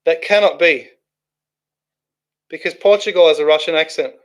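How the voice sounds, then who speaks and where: Chatty man, slightly high voice. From Australia. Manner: chatty, rambling, thinks aloud with restarts. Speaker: livestream host reading chat. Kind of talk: casual live chat.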